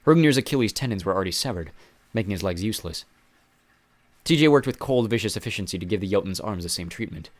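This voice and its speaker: A man's voice: low-pitched, quick pace, no echo. A man reading a first-person adventure story aloud with dry, wry asides. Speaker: audiobook reader.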